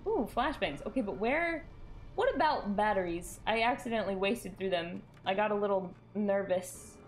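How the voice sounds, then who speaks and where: A woman with a medium-pitched voice streams a game live, chatting with viewers at a moderate pace into a desk microphone. She's animated and jumpy, breaking into sudden shrieks and laughter.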